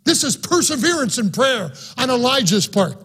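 A man's voice: very high voice, sing-song, normal speed, a bit bright, breathy edge. A man preaching a sermon, reading scripture aloud and then preaching on it with rising fervor.

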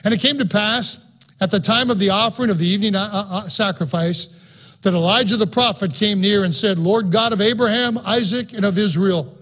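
A man's voice: sits high, brisk, fairly bright tone. A man preaching a sermon, reading scripture aloud and then preaching on it with rising fervor.

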